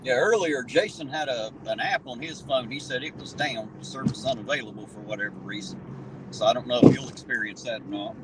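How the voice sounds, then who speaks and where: A man's voice: mid-range voice, a little fast, distant mic, very noisy. A man from Southern Ohio with a drawl, hosting a casual livestream chat, blunt and swearing freely. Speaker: livestream host.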